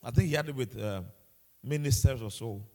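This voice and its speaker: A man's voice: mid-range voice, brisk, warm tone. A man preaching a sermon with passion, repeating himself and asking the congregation rhetorical questions. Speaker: pastor.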